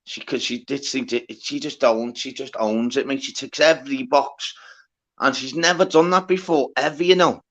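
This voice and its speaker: A man's voice: mid-range voice, moderate pace, lo-fi sound. A man hosting a live stream, rambling and repeating himself in casual chat.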